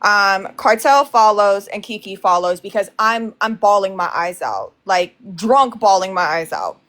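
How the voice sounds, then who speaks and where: A woman's voice: mid-range voice, expressive, a little slow, fairly bright tone. A woman casually recounting a heated fight with many fillers and restarts. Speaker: guest telling her side.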